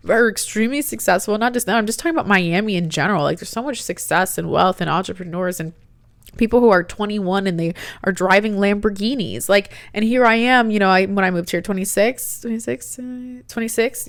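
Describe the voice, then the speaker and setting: A woman in her late twenties telling a personal story in a chatty, animated way, with a lot of "like" and acted-out quotes. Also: mid-range voice, dry recording. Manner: chatty, animated, heavy use of "like". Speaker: podcast host.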